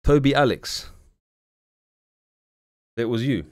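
A man's voice: medium pitch, takes it slowly, a little mellow. A young man streaming live, blunt and slangy, swearing freely as he chats with viewers. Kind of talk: casual live-stream commentary.

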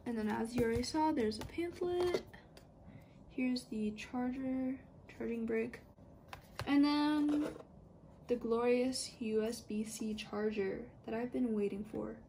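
A young woman filming an unboxing vlog, excited and gushing, sometimes dropping to a whisper. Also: fairly high pitch, slow, noisy background. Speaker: YouTuber.

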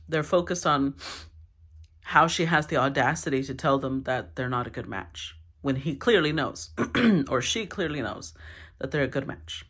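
A woman giving a solo tarot reading, thinking aloud with sighs, restarts and throat clearing. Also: low-pitched. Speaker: tarot reader.

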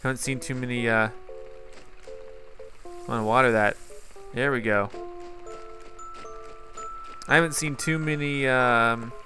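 A man's voice: medium pitch, steady tone, unhurried, long pauses, sharp tone, soft background music. A man giving casual, rambling gameplay commentary and talking straight to his viewers. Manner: rambling, chatty, talks to viewers. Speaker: gaming YouTuber.

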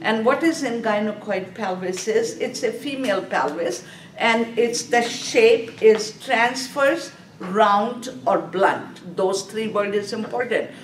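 Female nursing instructor, drills terms by repetition; slightly high voice, distant room mic with faint hiss. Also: takes it slowly, roomy sound. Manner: repetitive, drilling key terms, checks in with class. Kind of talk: classroom lecture. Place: classroom.

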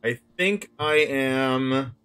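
Male streamer, bright tone, muttered live play-by-play of a card game with excitable outbursts. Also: medium pitch, extremely slow, clean tone, soft background music. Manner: thinks aloud, muttering plays, with sudden excited outbursts. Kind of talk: live gameplay commentary.

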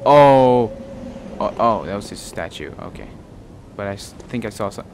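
A man's voice: fairly low pitch, animated, a little fast, gravelly, background noise. A man hosting a let's play who talks jumpily, exclaims often and swears a lot. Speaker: gaming channel host. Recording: game sounds audible behind the voice.

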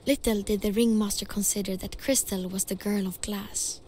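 A woman giving calm, scripted storybook narration for a game. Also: medium pitch, normal speed, slight background noise.

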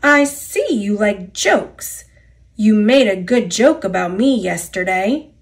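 A woman's voice: mid-range voice, lively intonation, slow pace. A woman voicing a sly, scheming male diesel engine in a storybook read-aloud, with a wheedling, falsely sympathetic manner.

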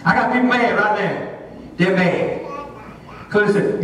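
High-pitched pastor man preaching, laughing a lot, long echo in the hall. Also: slow, pauses often, background noise. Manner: animated, laughing storyteller. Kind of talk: sermon. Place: church hall. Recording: echoey hall, distant mic, congregation audible.

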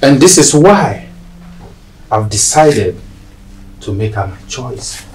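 An earnest young man in love speaks slowly and deliberately at a middle pitch. His Nigerian accent is plain. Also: very animated, a little mellow, a little hiss or hum, rough recording. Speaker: actor. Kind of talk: Nollywood film acting.

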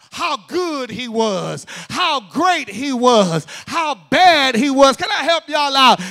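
A man's voice: extremely high pitch, gravelly, fairly bright tone. A male pastor delivering a fervent sermon to a church congregation. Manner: fervent preaching, addressing the congregation directly. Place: church service.

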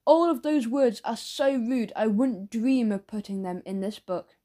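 Mellow, playful woman narrator. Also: on the high side, a little slow. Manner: playful, expressive storytelling. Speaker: audiobook narrator. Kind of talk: children's audiobook narration.

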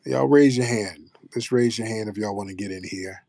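A man's voice: on the low side, moderate pace, vocal fry, a little mellow, no echo, clean studio sound. An American man hosting a live audio chat, brash and profane, bantering with callers. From United States. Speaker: host of a live audio space.

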